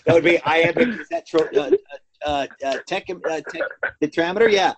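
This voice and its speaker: A man's voice: a little high, moderate pace, a little hiss or hum. A man in a podcast interview, playful and goofy, rambling through jokes. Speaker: interview guest. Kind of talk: joking podcast chat.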